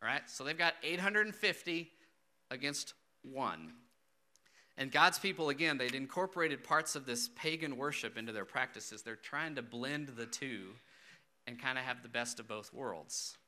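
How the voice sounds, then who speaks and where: Bright-voiced preacher man, conversational. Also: medium pitch, moderate pace. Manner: conversational, asks the listeners rhetorical questions. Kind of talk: sermon with scripture reading.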